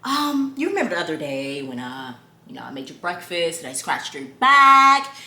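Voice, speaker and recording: A woman's voice: sits low, big pitch swings, normal speed, sharp tone, reverberant, voice pushed down, full character voice. A woman imitating her boyfriend as a polite, very proper-talking young man who hesitates with lots of "uh, you know". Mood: gently aggrieved.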